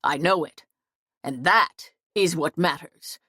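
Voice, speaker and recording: A woman narrator voicing a stern, commanding medieval lord who speaks with measured, cold authority. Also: low voice, pushed and bright, slightly rough, no room sound, clean studio sound, full character voice.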